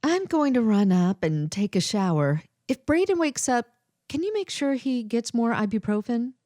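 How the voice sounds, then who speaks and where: A woman's voice: on the high side, sing-song, moderate pace, warm tone, no echo, clean studio sound, voice pushed up. A woman doing reassuring best friend Carly. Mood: tender. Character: young woman, seasoned undercover adventurer, reassuring.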